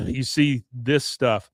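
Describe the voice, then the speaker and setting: A man, a podcast co-host, recapping an episode in a rambling, casual way; his voice is going hoarse and he keeps clearing his throat. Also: medium pitch, sing-song, extremely slow, no room sound, studio quality.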